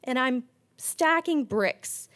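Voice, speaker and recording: A woman's voice: high voice, animated, slow pace, fairly bright tone. Earnest woman pastor preaching. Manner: earnest, personal storytelling with restarts. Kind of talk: sermon.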